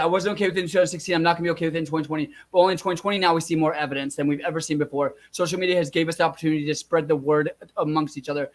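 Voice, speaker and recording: A young man vents at his viewers in a furious, swearing rant, circling back to the same points. His voice sits high and often jumps up as he shouts. He keeps talking to the audience directly. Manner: furious, profane, shouting and repeating himself. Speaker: vlogger. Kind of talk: angry rant to camera.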